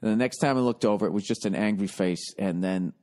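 A man in his forties from the United States, hosting a podcast and telling a comic story in a profane, exasperated way that often turns loud and excited. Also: fairly low pitch, fast. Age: 40s. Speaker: podcast host.

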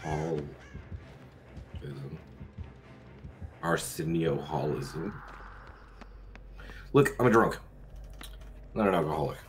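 A man's voice: rumbling low, slow pace, long pauses. A young adult man streaming live, chatting casually with crude jokes and frequent laughter. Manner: crude, joking, laughs often.

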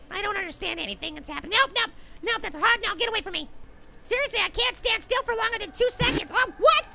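This is a tiny cartoon apple with a very high, squeaky voice. The voice has a gravelly edge, and the tone is bright and sharp. It narrates a game with excitable yelling and silly name-calling. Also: full character voice. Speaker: gaming video host. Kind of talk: cartoon character game commentary.

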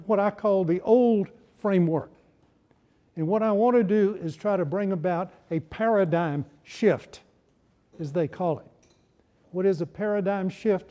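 A man with a high, warm voice lectures to a campus audience. He tells his points as stories, slipping in wry jokes. The tone stays mellow and relaxed. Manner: humorous storytelling, wry asides. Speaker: historian giving a lecture.

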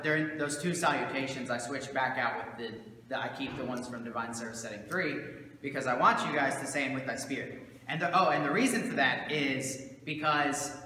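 A man's voice: mid-range voice, bright, forceful tone, slight background noise. A man, a pastor, teaching his congregation in a casual, conversational way with many fillers and asides, recorded in a church sanctuary. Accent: Southern American. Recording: roomy church hall with long echo.

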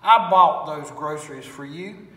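A mocking atheist neighbor barks out his triumph, as a preacher puts him on. The voice is bright and fairly high, and it carries from far off in an echoing hall with a long tail. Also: a little slow. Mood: gloating. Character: gloating male atheist neighbor. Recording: echoey hall, far from mic.

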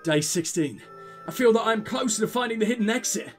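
A man's voice: high voice, animated, brisk, faint music behind. A man voicing a humble young male monk reading his diary aloud, weary and earnest.

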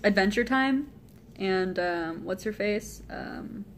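A woman's voice: medium pitch, slow pace, a little hiss or hum. A woman chatting casually and giggling often with friends while streaming from a hotel room. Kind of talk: casual chat.

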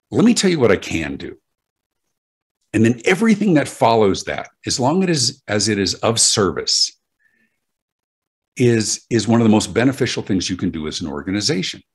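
A man's voice: fairly low pitch, husky. A man answering interview questions about customer service, emphatic and full of anecdotes, often restarting his words. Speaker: guest speaker on customer service.

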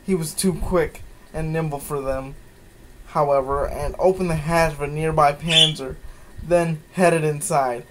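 Male comic reader, slow mocking delivery with incredulous asides, faint hiss behind. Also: fairly high pitch, fairly even intonation, low-quality recording. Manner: incredulous asides, sighs and laughs. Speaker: comedic fan-fiction reader. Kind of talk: mocking dramatic reading.

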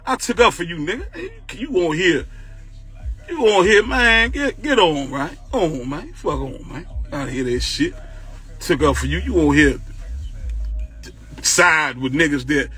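A man's voice: fairly high pitch, bright, forceful tone, breathy edge. A man hosting a livestream, ranting in a heated, confrontational way, repeating himself and swearing often. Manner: heated, repetitive, confrontational, profane. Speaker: livestream host.

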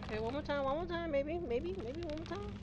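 Chatty woman streamer, high and lively. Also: brisk. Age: middle-aged. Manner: chatty, greets viewers by name, laughs often. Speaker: game streamer. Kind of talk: casual live-stream gaming chat. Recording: slightly dull home-stream audio with steady noise.

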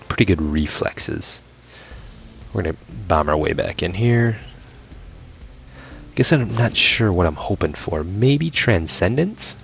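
A man's voice: low voice, vocal fry, a little hiss or hum. A man giving casual, profane gameplay commentary, ranting with sarcastic asides and sounding tired late at night. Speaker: gaming channel host.

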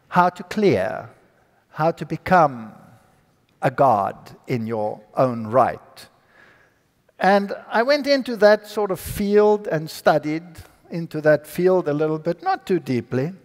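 A man giving a storytelling sermon about his own life to an audience, acting out the people in his story. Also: high-pitched. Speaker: speaker giving a personal testimony. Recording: long hall reverb.

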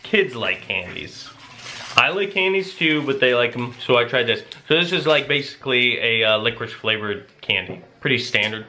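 A man's voice: mid-range voice, fairly quick, hardly any pauses, slight background noise. Tired, chatty man vlogging casually. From Canada. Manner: chatty, rambling, relaxed. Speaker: family vlogger. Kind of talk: casual vlog chat.

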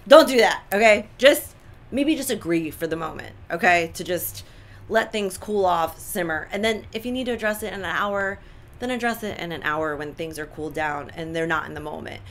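A woman's voice: lowish voice, animated, moderate pace. A middle-aged woman co-hosting a relationship advice chat, talking emphatically and repeating her points for effect. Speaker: co-host giving relationship advice.

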